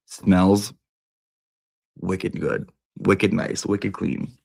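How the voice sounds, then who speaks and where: A man's voice: low voice, little pitch movement, slow, creaky, long pauses, a little mellow, no room sound. A man giving a brash, profane, theatrical comic review of beauty products.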